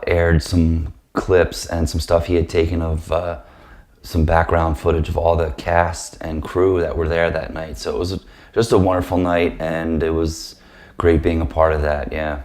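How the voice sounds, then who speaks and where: A man speaks in a low voice that stays flat. He answers hesitantly, filling pauses with ums and uhs. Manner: hesitant, many fillers. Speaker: actor. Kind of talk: interview.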